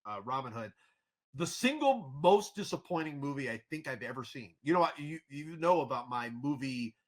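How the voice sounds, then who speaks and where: A man hosting a casual podcast chat, talking in an animated, rambling way with frequent restarts. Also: medium pitch, normal speed. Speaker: podcast host.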